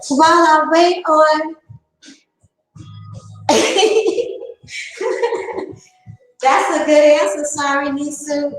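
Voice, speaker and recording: A woman's voice: sits high, fairly even intonation, extremely slow, long pauses, roomy sound, soft background music, poor audio. A woman hosting a casual livestream, talking sarcastically to her chat and laughing often. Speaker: livestream host.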